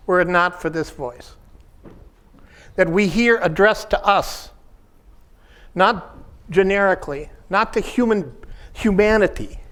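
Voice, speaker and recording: High-voiced contemplative man giving a talk. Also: a bit bright. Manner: contemplative, speaks in short measured phrases. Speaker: pastoral counselor. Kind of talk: reflective workshop talk.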